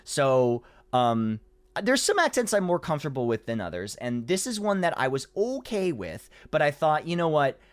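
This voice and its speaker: A man's voice: on the high side, big pitch swings, normal speed, dry recording. A man, a voice actor, telling a long story in a casual podcast chat, rambling with many restarts.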